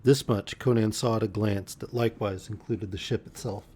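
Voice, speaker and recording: A man reading a pulp fantasy novel aloud as a bedtime story, measured with occasional slips. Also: fairly low pitch, fairly even intonation, dark tone, breathy edge.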